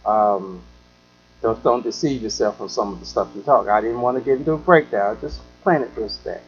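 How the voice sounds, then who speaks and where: A man's voice: fairly low pitch, normal speed, lo-fi sound, soft background music. A man hosting a talk show, telling a rambling story in a casual way, full of "you know", and acting out the people in it.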